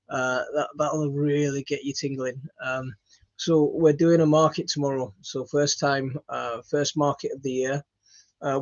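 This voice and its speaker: A man's voice: medium pitch, lo-fi sound. A tired man hosting a live stream, chatting casually and hesitantly with many ums and restarts while he answers viewer comments.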